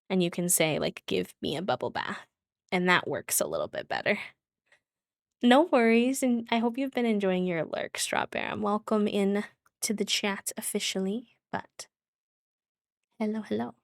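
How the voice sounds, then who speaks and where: Woman streamer, slow easygoing chat, giggly, dry close mic. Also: mid-range voice, no echo. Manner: chatty, giggly, talks to chat. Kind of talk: casual live-stream chat while gaming.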